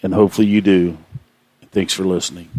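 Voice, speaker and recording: A man with a fairly low voice vents on his own radio show, repeating himself. He sounds outraged and impassioned. The recording is close and dry. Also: level tone, fairly quick, warm tone, dry recording. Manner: impassioned, aggravated, repetitive. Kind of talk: ranting monologue.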